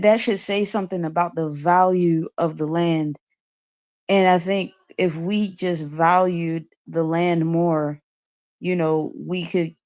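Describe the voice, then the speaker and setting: A woman's voice: on the low side, a little mellow, no room sound, muffled recording. A woman speaking as a panelist in a casual livestream chat, earnest and full of fillers. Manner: conversational, with many fillers, earnest.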